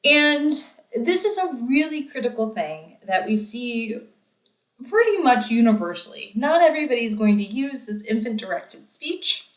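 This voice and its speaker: A woman's voice: on the high side, expressive, measured pace, roomy sound, recorded from a distance, poor audio. A woman giving a recorded lecture in a casual, explanatory way with frequent ums and uhs.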